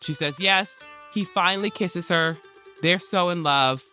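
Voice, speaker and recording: A man's voice: high voice, a little slow, pushed and bright, soft background music. A man hosting a podcast, retelling a historical story in casual modern slang and briefly acting out the people in it. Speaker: podcast host.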